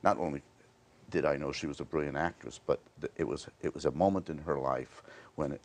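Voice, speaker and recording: An older man chatting in an interview, halting and restarting often. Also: very deep voice. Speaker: actor interviewed on a talk show. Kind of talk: casual interview chat.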